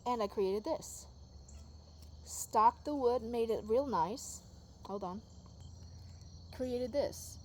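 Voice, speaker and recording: A woman vlogging from her backyard garden at dusk, filming on a phone as she walks. She rambles and vents, swinging from soft musing to loud, exasperated outbursts. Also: on the high side, takes it slowly, long pauses, a little hiss or hum. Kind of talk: casual venting vlog.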